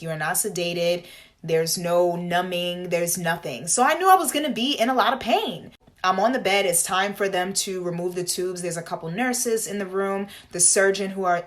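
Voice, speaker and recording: A young woman talking straight to camera in a casual storytime vlog. She fills her speech with "like" and slangy asides. When she reenacts a scene, her voice leaps up into high, dramatic quoted lines. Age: young adult. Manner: animated, dramatic retelling with bursts of high acted quotes; frequent fillers like "like" and slangy asides. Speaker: vlogger.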